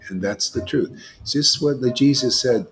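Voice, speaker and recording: A man's voice: mid-range voice, normal speed. A man, a monk leading a devotional gathering, giving a rambling informal talk and often checking in with his listeners. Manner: rambling, keeps asking listeners "you know?". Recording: music playing behind the voice.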